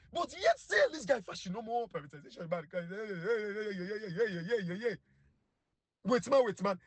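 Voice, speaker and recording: A man's voice: high voice, slightly rough, dry recording. A man with a Sierra Leonean Krio accent giving heated, scornful political commentary that repeats itself. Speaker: online commentator.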